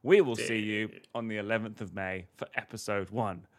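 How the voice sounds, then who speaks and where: A man's voice: lowish voice, fairly even intonation, moderate pace. A man co-hosting a podcast, playing a quiz contestant who complains, swears and laughs in casual comedic banter. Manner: mock-exasperated, swears and laughs.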